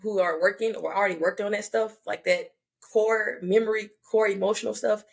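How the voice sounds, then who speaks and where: A woman in her thirties hosting a casual conversation, talking reflectively and haltingly, often restarting her sentences. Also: mid-range voice, fairly even intonation, creaky.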